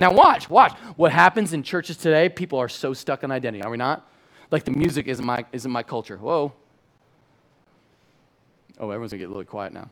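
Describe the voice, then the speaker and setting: A middle-aged man preaching a sermon in a church in a lively, conversational way, moving between loud and hushed passages. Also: mid-range voice, fairly quick, pauses often. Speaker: pastor.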